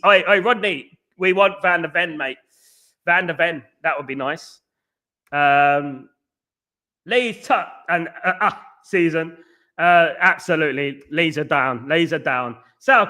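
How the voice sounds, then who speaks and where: Chatty stream host, guy with a high bright voice, rambles and repeats himself. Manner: rambling and jokey, repeats phrases, lots of fillers. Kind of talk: casual live-stream chat reading comments.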